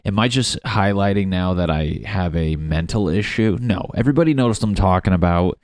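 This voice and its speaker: A man's voice: deep voice, brisk, a little mellow, no echo, studio quality. A young man hosting a casual solo podcast, rambling and self-mocking with plenty of swearing. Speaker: podcast host.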